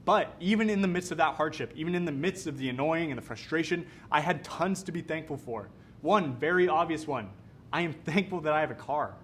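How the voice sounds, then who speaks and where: Young male youth pastor from Canada, casual energetic sermon delivery, mid-high voice, light background rumble. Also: a little fast. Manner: energetic, casual, conversational preaching.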